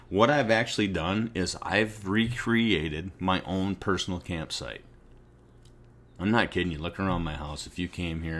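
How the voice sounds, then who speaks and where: A man's voice: low voice, fairly bright tone. A middle-aged man at home, talking casually to the camera in a rambling, conversational way. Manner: rambling and conversational, often circles back on his point. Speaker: vlogger. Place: at his home.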